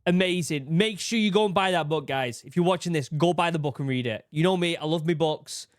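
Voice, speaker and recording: A man's voice: fairly high pitch, brisk, no echo, clean studio sound. A British man hosting a reaction video, talking in an effusive, emotional way and swearing freely. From United Kingdom. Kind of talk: casual reaction commentary. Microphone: studio desk mic.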